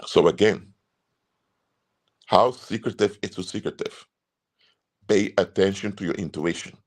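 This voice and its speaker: A man's voice: low voice, unhurried. A man speaking as a consultant, giving earnest, emphatic advice and repeating his key points. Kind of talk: advice talk to camera.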